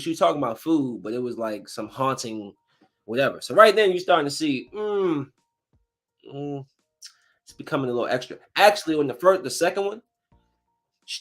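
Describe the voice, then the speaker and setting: Man rambling through a movie recap. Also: mid-range voice. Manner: rambling, animated storytelling with acted-out quotes. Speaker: podcast host.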